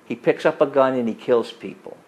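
A man's voice: a little fast, poor audio. Emphatic man preaching. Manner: emphatic, rising to forceful peaks and dropping to low asides. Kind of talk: sermon with storytelling.

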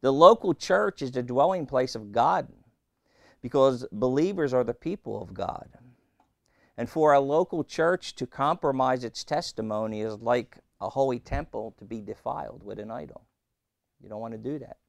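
A man preaching a sermon as pastor, swinging between loud emphasis and quiet asides. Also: medium pitch, normal speed, vocal fry, no echo.

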